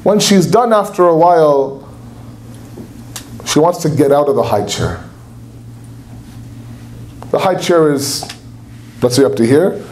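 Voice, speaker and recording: A man's voice: a little high, lively intonation, takes it slowly, long pauses, a little mellow, slight background noise. A young man preaching a sermon at a religious center, impassioned, acting out quotes in a raised voice. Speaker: speaker at a religious gathering. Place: lecture hall at a religious center.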